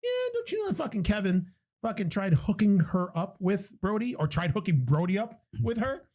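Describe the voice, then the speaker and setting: A man on a podcast, animated and quick to laugh as he tells a story, with casual swearing throughout. His voice sits high and swings widely in pitch. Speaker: podcast co-host. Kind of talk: casual chat.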